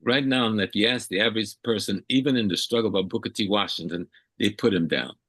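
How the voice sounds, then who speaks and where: An older man from South Carolina speaks in a low, husky voice. He lectures like an elder in an interview, repeating key phrases to drive them home. The sound is dry and close, with no room around it. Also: a little fast, fairly bright tone, no room sound. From South Carolina, USA. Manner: emphatic, repeats phrases for weight. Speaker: elder guest.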